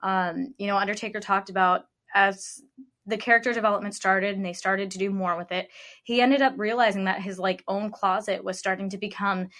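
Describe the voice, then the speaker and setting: A woman's voice: medium pitch, fairly even intonation, fairly quick, fairly bright tone. A woman co-hosting a podcast, chatting casually and enthusiastically, often dropping "like" mid-sentence. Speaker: podcast co-host. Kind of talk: casual chat.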